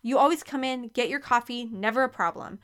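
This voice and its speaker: A woman voicing a sharp-tongued young barista, speaking high and pointed. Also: brisk, lightly acted. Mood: indignant. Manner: indignant, sharp.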